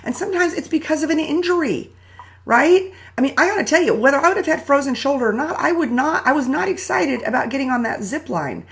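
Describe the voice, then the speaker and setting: A woman hosting a live motivational talk, telling a personal story in a chatty, animated way and greeting viewers by name. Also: high-pitched, fast, vocal fry. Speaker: host.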